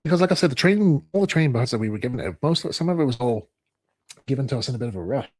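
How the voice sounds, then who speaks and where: A man's voice: medium pitch, rapid-fire, dry recording. Man telling a rambling workplace story. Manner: animated storyteller acting out other people's lines with a raised voice. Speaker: streamer. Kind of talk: rambling personal anecdote.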